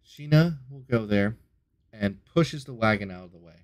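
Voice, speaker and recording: A man's voice: on the low side, animated, normal speed. A man running a tabletop game as game master, describing rooms and doors with a few hesitations. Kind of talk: narrating a tabletop game on a live stream.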